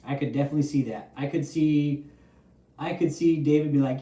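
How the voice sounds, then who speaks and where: A young man holds forth on his livestream, swearing freely and chatting to viewers. His voice is mellow and dark-toned. He sits a little back from the mic in an echoey room. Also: fairly high pitch, fairly quick, distant mic. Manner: profane, animated, chatty. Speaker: livestream host. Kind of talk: casual livestream commentary.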